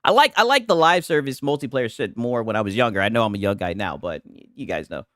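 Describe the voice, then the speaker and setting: A fast-talking man of medium pitch comes through in clean studio sound with no room sound. On his live stream he delivers an animated, profanity-laced gaming rant, punctuating nearly every point with "right?".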